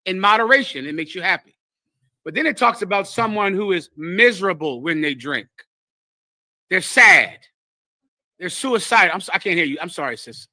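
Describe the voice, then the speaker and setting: A man teaching a scripture class preaches to a live congregation at a moderate pace, his forceful, bright voice pitched high for a man. He runs animated call-and-response and addresses listeners directly, singling out people in the room. The recording is dry and close.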